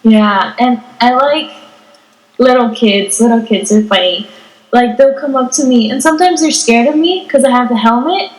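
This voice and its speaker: A woman's voice: fairly high pitch, moderate pace, roomy sound, low-quality recording. A teenage girl co-hosting a podcast, chatting casually and giggling as she acts out what people said. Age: teens. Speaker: podcast co-host. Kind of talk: casual chat.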